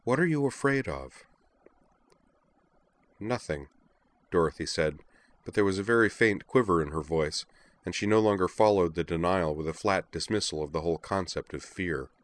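A man narrating fiction aloud in a measured, even way. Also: deep voice.

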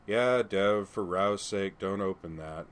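A man's voice: low-pitched, slow pace, clear, resonant tone. A man reading the lines of a wry, teasing young man.

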